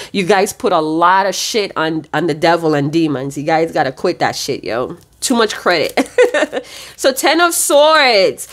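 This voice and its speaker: A woman talks through a tarot reading in a loose, conversational way, addressing her viewers directly. Her voice sits a little low, and she is blunt, swears freely, and wanders into rambling asides. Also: lively intonation, normal speed. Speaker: tarot reader.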